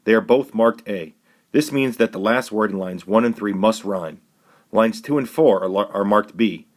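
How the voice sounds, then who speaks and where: Measured male teacher, lower voice. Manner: clear, measured, instructive. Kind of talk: recorded classroom lesson.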